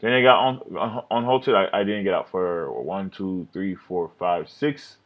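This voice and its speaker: A man's voice: deep voice, fairly even intonation, a little slow, phone-quality sound. A man recapping his day trades over a screen recording, rambling, self-critical and swearing often.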